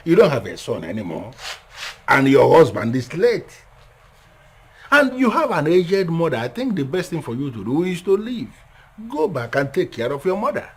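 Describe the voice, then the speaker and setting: Husky stern Nigerian patriarch. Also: male voice, fairly high pitch, sing-song, moderate pace. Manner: stern, scolding. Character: stern father and in-law head of the house. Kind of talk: film drama.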